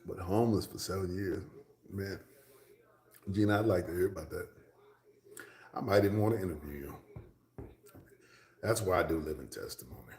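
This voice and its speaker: Deep-voiced man chatting to viewers. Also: normal speed, pauses often, darkish tone, roomy sound. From Texas. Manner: rambling, drops to a whisper for asides. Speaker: livestream host. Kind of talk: casual livestream chat with viewers.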